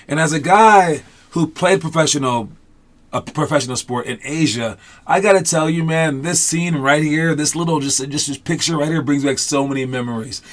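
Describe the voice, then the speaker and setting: Man, basketball coach, casual online class, upbeat and encouraging, chatty with fillers, mid pitch. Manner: loose and chatty, many fillers.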